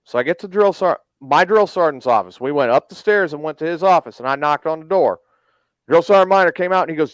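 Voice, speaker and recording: Smooth-voiced man telling a blunt story. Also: on the high side, animated, quick pace, no echo. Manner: blunt, profane, acts out quoted dialogue. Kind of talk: casual storytelling.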